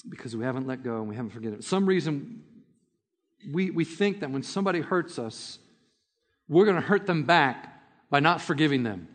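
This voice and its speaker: A man's voice: mid-range voice, in a large hall. A man preaching a sermon, telling a story and speaking directly to his listeners. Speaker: pastor.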